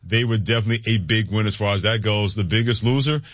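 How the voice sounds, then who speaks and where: A man's voice: fairly low pitch, fast talker, a bit bright, no room sound, clean studio sound. A male radio host running a sports talk show, upbeat and reading promos and phone numbers.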